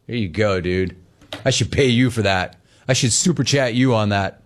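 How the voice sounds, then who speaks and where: A man's voice: mid-range voice, unhurried. A man in his forties from Los Angeles hosting a sports talk show, telling rambling stories and reading live chat. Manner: animated, rambling storytelling, repeats phrases.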